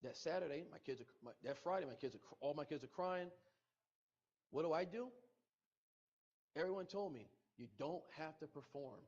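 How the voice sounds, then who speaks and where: The recording is muffled as a middle-aged podcast guest shares his painful loss, emotional and repetitive, quoting what others said. His darkish voice is a little high, at normal speed with long pauses.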